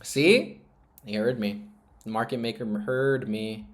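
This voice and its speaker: A young man thinks out loud through a live trading stream. His talk rambles and is peppered with swearing. He often trails off into a quiet mutter under his breath. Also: mid-range voice, a little slow. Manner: rambling, profane, emotional self-talk. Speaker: trading livestreamer. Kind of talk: casual live-stream monologue.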